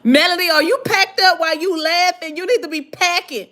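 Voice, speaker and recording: A woman hosting a vlog, chatting casually and reading viewer comments, animated and dramatic with slangy asides. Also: very high voice, fairly quick. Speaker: vlog host answering viewer questions.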